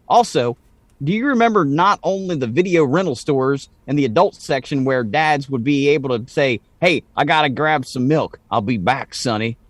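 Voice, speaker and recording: A man putting on a folksy old farmer with a slack-jawed drawl, rambling through his own letter. The voice sits low and close, with a dry, deadened sound. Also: no room sound.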